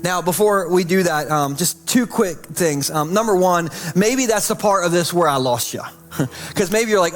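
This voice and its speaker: Young guy pastor, kinda high voice, chatty sermon, slows way down and goes quiet on the holy bits, light music behind. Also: lively intonation. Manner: repeats "holy" softly and slowly, chatty asides.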